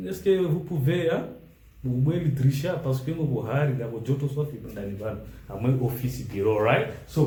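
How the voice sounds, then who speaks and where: A man teaching an English grammar lesson, switching between English, French and a local language, reading example sentences out slowly. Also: on the high side, dark tone, echoey room, low-quality recording.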